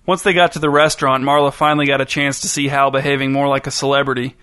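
A man reading a story aloud in a measured, deadpan narration. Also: mid-range voice, dry recording, studio quality. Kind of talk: scripted narration.

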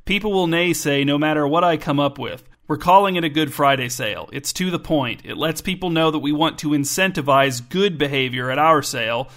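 A man's voice: fairly high pitch, brisk, few pauses, a bit bright. A man doing a stubborn, smug shop owner. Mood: pleased, insistent. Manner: stubborn, self-satisfied.

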